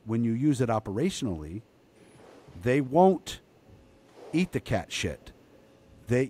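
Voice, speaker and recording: A man, a dog trainer guest on a podcast, talking in a casual, animated and profane way. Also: medium pitch, breathy edge.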